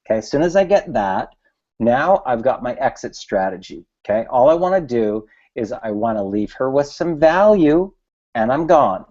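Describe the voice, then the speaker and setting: Casual male coach talking through a screen share, relaxed delivery, muffled home recording. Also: mid-range voice, normal speed. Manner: casual, chatty, repeats "okay" and "right". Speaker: business coach. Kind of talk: screen-share tutorial talk.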